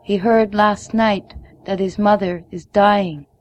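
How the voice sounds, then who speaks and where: A woman reading a story aloud, voicing a stern, brisk female school principal with curt, scolding lines. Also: medium pitch, fairly even intonation, lo-fi sound, natural voice.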